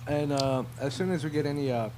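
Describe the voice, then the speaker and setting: A man's voice: on the high side, fast, warm tone, slight background noise, poor audio. Easygoing young-sounding band guest, man. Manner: easygoing, laughs often, many fillers. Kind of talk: casual radio interview.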